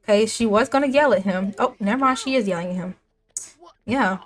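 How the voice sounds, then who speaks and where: A woman's voice: mid-range voice, brisk. Chatty young woman narrating gameplay. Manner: chatty, animated, laughs often. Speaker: gaming YouTuber.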